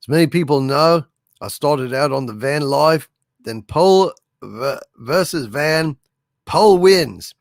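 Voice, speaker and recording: Mock Australian male reader, quick delivery, gravelly, as a host fakes it. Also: on the high side, expressive, dry recording, clean studio sound. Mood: reading aloud. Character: man reading a friend's message in a mock Australian accent.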